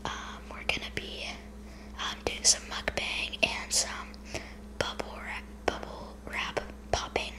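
A woman hosting an ASMR video, speaking in a soft unvoiced whisper throughout and casually explaining each step. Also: takes it slowly. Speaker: ASMR channel host.

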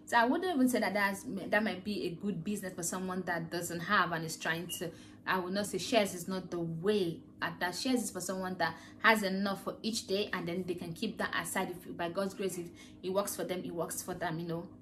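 A woman's voice: on the low side, fairly even intonation, brisk, a bit bright, slight background noise. A woman host giving an earnest, rambling motivational talk full of rhetorical questions. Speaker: podcast host.

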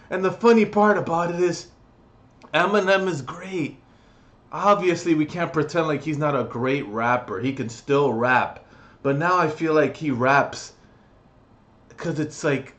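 A man's voice: a little high, lively intonation, moderate pace. A young adult man vlogging a comedic, profane rant reviewing music, mocking and exasperated.

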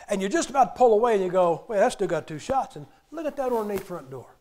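A man preaching with a fairly high voice. He tells stories animatedly, acting out other people's lines and bursting into sudden shouts. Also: quick pace. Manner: animated storytelling, acting out quotes with sudden loud outbursts. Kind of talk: sermon.

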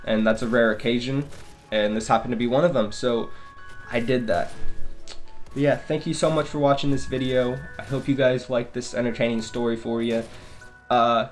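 Casting note: young male vlogger, casual storyteller, mid-pitched and loose, with soft music under him. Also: steady tone, normal speed. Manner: casual, swearing, repeats himself.

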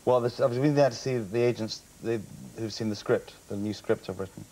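A man in his thirties, a comedian and impressionist, telling animated anecdotes as a guest on a TV sofa and dropping into mimicked voices. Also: on the low side, a little fast, poor audio. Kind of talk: chatty TV sofa interview. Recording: faint hiss of an old TV broadcast.

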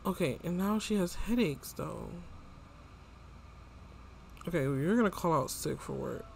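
Gravelly-voiced man chatting over a life-sim game. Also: fairly high pitch, lively intonation, measured pace, a little hiss or hum. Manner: chatty, talks to the characters and viewers. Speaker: gameplay vlogger. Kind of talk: casual life-sim gameplay commentary.

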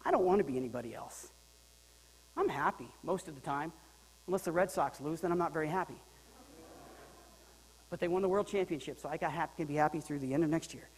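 A male pastor preaching a sermon in a lively, joking way, swinging between loud and quiet. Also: fairly high pitch, a little fast, long pauses, long reverb tail, a little hiss or hum, rough recording. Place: church sanctuary.

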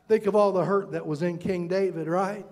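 A male pastor preaching a sermon, building from calm storytelling to shouted, impassioned passages. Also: high voice, normal speed. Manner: preaching with rising shouted passages and dramatic quotes. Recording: reverberant church hall.

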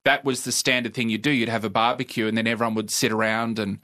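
A middle-aged Australian man with a bright, clear-edged voice, telling stories in a relaxed conversation. His delivery is laconic and dry, and a wry chuckle is never far away. His pitch sits squarely in the middle of a man's range. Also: quick pace. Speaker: comedian guest. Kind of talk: casual storytelling interview.

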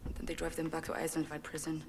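A woman's voice: low-pitched, completely flat delivery, fast, noisy background. An actress playing a resistance woman who gives earnest, urgent instructions in a video game. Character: resistance woman urging a daring plan. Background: game music.

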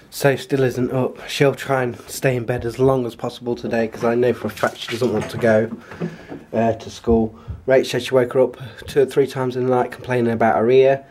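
A man chatting casually to camera as a family vlogger, rambling in a homely way at home, recorded on a handheld compact camera. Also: slightly rough. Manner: chatty, rambling, homely; softer and lower on asides.

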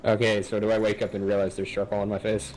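A man speaks plainly and briefly as a player in a tabletop game. His voice is on the low side, with a faint hiss behind it. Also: monotone, fast talker, a little mellow, poor audio. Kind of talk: casual tabletop role-play.

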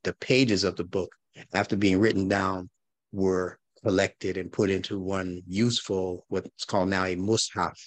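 Instructor, male, low voice, dry close sound, rhetorical and challenging lecture. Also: no echo. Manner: challenging, rhetorical, repeats key points. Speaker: religious instructor. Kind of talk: recorded class lecture.

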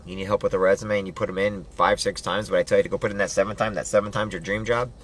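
A man giving a loud, preachy motivational pep talk, hammering home rallying commands and building up to yelling. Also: lowish voice, steady tone, rapid-fire. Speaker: motivational vlogger.

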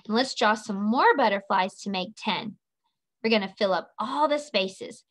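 A woman teaching an online preschool lesson, talking to young children in a slow, sing-song way and stretching out each word. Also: mid-range voice, fairly bright tone.

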